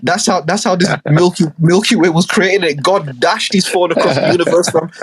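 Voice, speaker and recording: A man co-hosting a podcast, telling jokes in an animated, slangy way and acting out voices. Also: sits high, fairly quick, breathy edge, no echo. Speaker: podcast co-host. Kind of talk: casual comedic chat.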